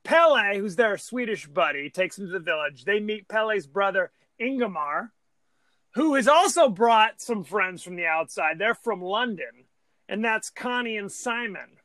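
A man co-hosting a podcast, recapping a movie plot with enthusiasm and quick agreements in casual chat. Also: high-pitched, expressive, bright, forceful tone. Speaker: podcast co-host.

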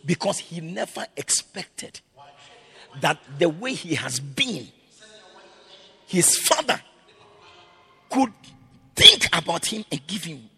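Husky pastor guy, slow sermon, bright high voice. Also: sing-song, soft background music. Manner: preaching with swings between loud shouting and quiet, low-voiced storytelling.

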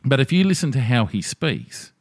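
A man's voice: mid-range voice, very animated, normal speed, no room sound, studio quality. Blunt, sweary man. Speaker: podcast co-host. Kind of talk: casual chat.

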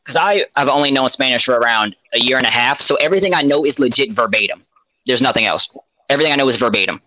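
A man's voice: mid-range voice, expressive, fast talker, pushed and bright, no echo, rough recording. A man co-hosting a wrestling talk podcast, talking casually and explaining himself emphatically. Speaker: podcast co-host. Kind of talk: casual chat.

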